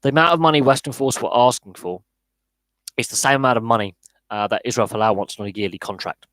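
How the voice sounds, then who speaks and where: A man's voice: mid-range voice, quick pace, fairly bright tone, no room sound, low-quality recording. A man hosting a live sports podcast, speaking bluntly and often repeating words as he restarts his sentences. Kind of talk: live podcast Q&A, casual opinionated chat.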